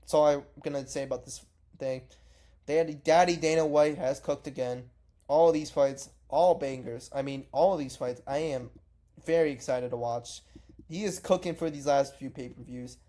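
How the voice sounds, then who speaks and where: Mellow-voiced man ranting casually. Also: mid-range voice, moderate pace. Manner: rambling, profane, self-correcting. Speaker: MMA reaction vlogger. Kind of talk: casual reaction vlog.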